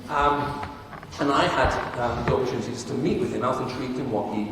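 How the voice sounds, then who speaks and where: A man giving an evangelistic lecture at a university, telling humorous stories in an animated way. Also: medium pitch, fast talker. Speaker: guest speaker. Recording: echoey hall from far off with noise.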